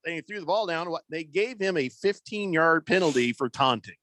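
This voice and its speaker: A male sports radio host with a bright, fairly high voice, chatting casually on air. His talk is halting, full of "uh"s and restarts, and the studio sound is dry and close. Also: animated, dry recording. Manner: halting, lots of fillers and restarts.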